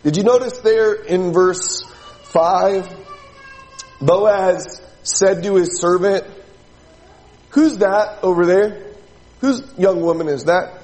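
A man with a high voice preaches a sermon, speaking conversationally to his congregation and asking question after question. His words ring out with a long reverb, as in a large church sanctuary. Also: darkish tone. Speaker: pastor.

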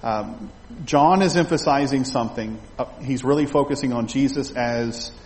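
A man's voice: mid-range voice, moderate pace, a little hiss or hum. A male pastor preaching an expository sermon in a conversational way, with restarts and asides to the congregation, in a church sanctuary. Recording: echoey hall, faint ambience.

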